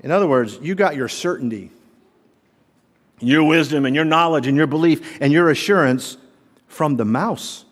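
Preaching pastor in a reverberant hall. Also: male voice, on the high side, normal speed. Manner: animated preaching, rhetorical questions to the congregation. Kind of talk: sermon. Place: church sanctuary. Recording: long reverb of a large hall.

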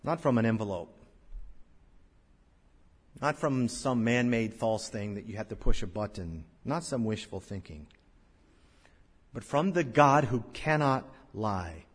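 A male pastor preaching a sermon, swelling to loud, drawn-out scripture recitations and dropping to hushed lows. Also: lively intonation, slightly rough. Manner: slow, drawn-out recitation of King James verses. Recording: long church-hall reverb.

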